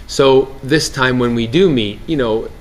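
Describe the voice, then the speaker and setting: Animated actor talking at a press junket. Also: male voice, mid-range voice, a little slow. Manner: animated, laughing, restarts sentences. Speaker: actor interviewee. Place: outdoor TV set, press line.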